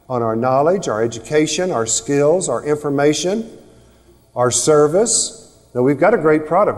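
Energetic male seminar speaker, reverberant hall. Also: mid-range voice. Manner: energetic, rhetorical questions to the audience. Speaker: speaker on communication skills. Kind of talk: motivational seminar talk.

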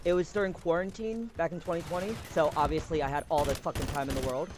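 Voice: medium pitch, fairly even intonation, fast talker, noisy background. A game streamer in casual chat who swears freely and talks back to the game. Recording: gunfire of a shooter game behind the voice. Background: loud game gunfire.

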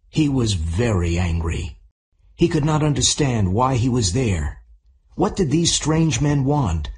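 A man narrating a simple audiobook for English learners, reading clearly and deliberately. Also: medium pitch, a little mellow.

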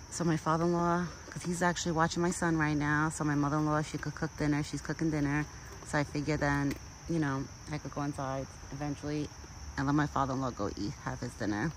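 Out in a rural yard, a young woman films herself on her phone for a vlog, chatting, rambling and baby-talking a deer. Her low voice has a fairly bright tone, and the rough recording carries slight background noise.

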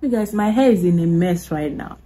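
A young woman with a Nigerian accent telling an animated storytime vlog, laughing and swearing as she goes. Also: on the low side, a little fast, slightly rough. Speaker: vlogger.

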